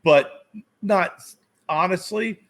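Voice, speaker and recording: A man's voice: high voice, slow pace, fairly bright tone. Give me a man in casual chat, exasperated and griping about prices. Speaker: podcast co-host.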